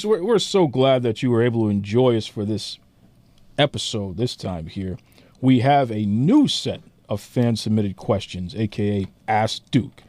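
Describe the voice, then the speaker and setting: A man's voice: mid-range voice, dark tone, no room sound. A man hosting a podcast with a hyped, showman-like delivery. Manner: hype, showman-like. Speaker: podcast host.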